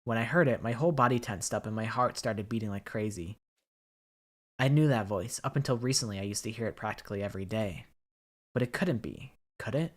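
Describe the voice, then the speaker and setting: A woman's voice: a bass voice, fairly quick. Wry woman streamer reading game lines. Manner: wry, joking asides between reading. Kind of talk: let's play, reading all dialogue aloud. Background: game music.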